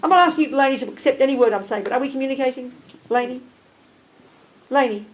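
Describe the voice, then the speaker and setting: A woman teaching a small group live, animated and direct, checking in with listeners by name and calling them darling. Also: sits high, fast talker, rough recording. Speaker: Buddhist teacher.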